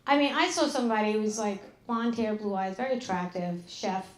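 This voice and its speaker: A middle-aged woman doing a live stand-up set, brash and profane, with deadpan asides. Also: medium pitch, a little fast, roomy sound. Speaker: stand-up comedian. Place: club stage with an audience. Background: audience laughter.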